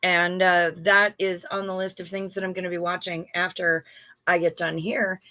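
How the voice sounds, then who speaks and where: A woman's voice: on the low side, little pitch movement, moderate pace, pushed and bright. A middle-aged woman hosting a livestream in casual chat, effusive and chatty as she reads viewer comments aloud. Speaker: livestream host.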